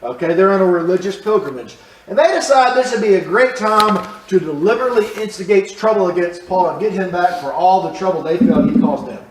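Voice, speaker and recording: A high-voiced man leads a lively Bible class, often asking the group questions and repeating his points. He is recorded from across a roomy church hall with a clear echo. The mic sits well away from him. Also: fairly quick, recorded from a distance, a little hiss or hum. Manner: animated, asks the class questions, repeats phrases. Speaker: Bible study teacher. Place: church room.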